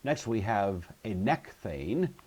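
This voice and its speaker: A man teaching a recorded Greek grammar lesson, explaining methodically and patiently and slowing down to pronounce each example word. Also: fairly low pitch, big pitch swings, darkish tone, husky.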